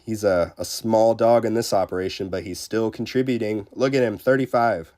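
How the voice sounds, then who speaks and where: A man's voice: on the low side, normal speed. A man streaming a game live, chatting casually with many fillers, greeting viewers and poking fun at himself. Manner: self-deprecating and excitable. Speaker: livestreamer. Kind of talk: casual live gameplay commentary.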